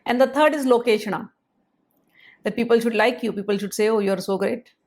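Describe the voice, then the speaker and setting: A woman, explaining scripture in a measured spoken lecture and pausing to spell out syllables. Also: fairly high pitch, darkish tone.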